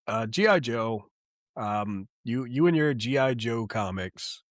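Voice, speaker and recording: A podcast co-host with a mid-range voice takes it slowly in casual chat, recorded in clean studio sound with no echo. He rambles excitedly, swears heavily, and fills gaps with "um" and "like".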